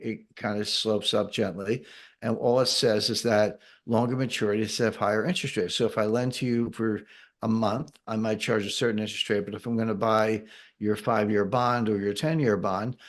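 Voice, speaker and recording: A man explaining economics in an interview, patient and methodical, with dry sarcastic asides. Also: on the low side. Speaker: guest economic commentator. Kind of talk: interview answers.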